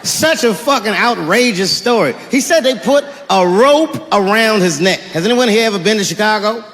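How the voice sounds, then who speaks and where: A man performing a stand-up comedy set on stage, telling a story with animated delivery and shouted punchlines. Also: sits high, normal speed, faint music behind. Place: comedy stage, live audience. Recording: reverberant live venue with audience noise.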